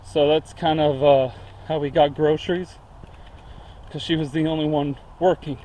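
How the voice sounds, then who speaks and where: A man's voice: on the high side, steady tone, normal speed, warm tone, slight background noise. A man walking through woods and talking casually, out of breath, rambling with many fillers. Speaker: vlogger. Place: outdoors in woods.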